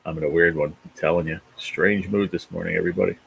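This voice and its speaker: A man's voice: deep voice, steady tone, quick pace, gravelly, a bit bright, breathy edge, rough recording. A man in his forties from New Jersey, hosting a rambling, profane livestream chat with viewers. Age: 40s. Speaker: livestream host. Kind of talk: casual chat reading viewer comments.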